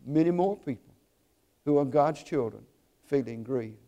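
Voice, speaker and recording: A man preaching a sermon, telling stories earnestly and slowing down to stress key points. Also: mid-range voice, dark tone. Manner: earnest storytelling, slows for emphasis.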